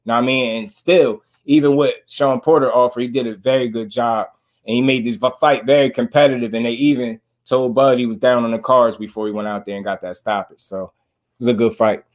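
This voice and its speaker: Brief: male commentator, relaxed and slangy, mid-range voice, laughs a lot. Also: mid-range voice, a little fast. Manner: slangy and laid-back, laughing often, reading out viewer comments. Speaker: boxing commentator. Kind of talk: casual commentary.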